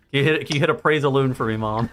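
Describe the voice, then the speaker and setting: A man's voice: medium pitch, a bit bright, a little hiss or hum. A man streaming live, chatting casually in a profane, rambling way.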